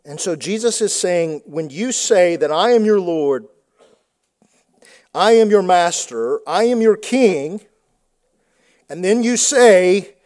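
Guy preaching, pretty high voice, keeps repeating words for emphasis. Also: expressive, takes it slowly, a little mellow. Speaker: pastor. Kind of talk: sermon.

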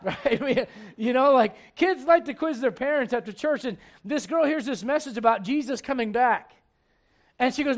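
A middle-aged male pastor preaching a dynamic sermon, swinging from loud to hushed and acting out voices in little scenes. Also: very high-pitched, animated, normal speed.

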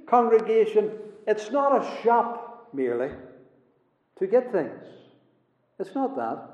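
Slow high-voiced man preaching, swings quiet to loud, dull lo-fi recording in a church hall. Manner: emphatic preaching with dramatic swings in loudness. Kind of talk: sermon. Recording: echoey hall, dull lo-fi sound.

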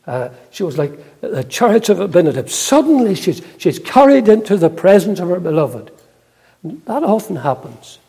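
An older man preaching a sermon in a church, earnest and unhurried, with frequent hesitant pauses. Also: sits high, very animated, creaky, dark tone, husky. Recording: long reverb in a large hall.

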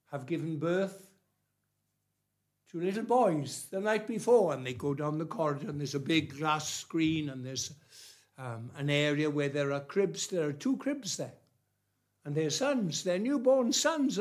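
A man preaching a sermon, unhurried and emphatic, dropping soft and then rising loud on key phrases. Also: fairly high pitch.

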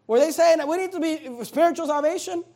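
A man's voice: very high-pitched, quick pace, darkish tone. A male pastor preaching a sermon, reading scripture aloud and emphatically stretching out key words.

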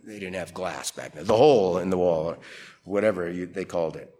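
A man's voice: sits low, a little fast. A man preaching through a Bible passage verse by verse, conversational and emphatic, often asking rhetorical questions. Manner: lively, emphatic delivery. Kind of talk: expository Bible teaching.

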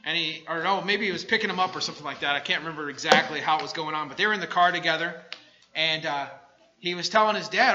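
A man preaching a sermon, swinging between quiet asides and loud shouted bursts. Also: fairly high pitch, fast talker. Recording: dull lo-fi recording.

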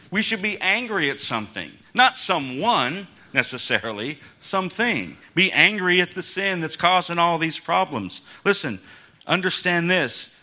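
A man's voice: fairly high pitch, pushed and bright. A man preaching a casual, conversational sermon as pastor, chuckling between points and acting out the quotes in his story.

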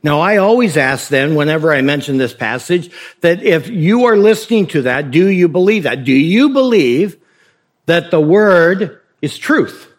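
A man's voice: fairly high pitch, lively intonation, a little slow. A male pastor preaching a sermon in a conversational way, with rhetorical questions and light humor.

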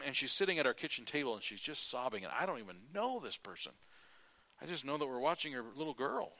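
A middle-aged male preacher giving a sermon, telling folksy stories, acting out quotes and often clearing his throat. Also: medium pitch, very animated, quick pace, pushed and bright.

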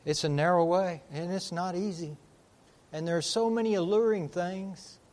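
A man with a notably high speaking voice delivers a sermon. He preaches emphatically, swelling into loud declarations and then sinking almost to a murmur. He slows right down on the words he wants to land.

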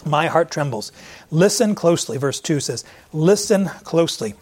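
A middle-aged man preaching a sermon, lively and acting out the voices he quotes. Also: a little high, moderate pace. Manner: animated, acts out voices in quotes. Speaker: pastor.

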